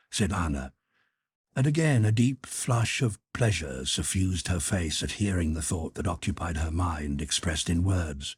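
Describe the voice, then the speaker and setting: A male audiobook narrator with a deep, very breathy voice. His reading is lively in pitch and expressive. The sound is dry and close to the mic. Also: normal speed, dry recording. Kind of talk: scripted narration.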